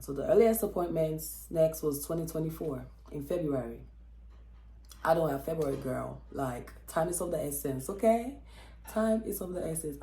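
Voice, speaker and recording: A woman vlogger telling a personal story in a chatty, expressive way, with lots of fillers and acted-out quotes. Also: low-pitched, echoey room. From Texas. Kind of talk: casual storytelling vlog.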